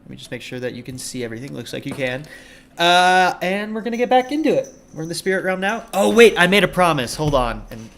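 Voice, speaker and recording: A man live-streaming a game from his home computer desk, chatting casually with viewers and cooing softly at his cat. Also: on the high side, big pitch swings, quick pace, gravelly. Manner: chatty, talks to his cat in a soft doting voice.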